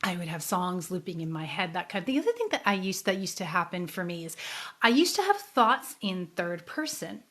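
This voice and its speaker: A woman, a psychic medium hosting her own show, telling her life story in a casual, earnest and emotional way, her voice softening when sad memories come up. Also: lowish voice, very animated, brisk. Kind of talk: casual personal storytelling to a live audience.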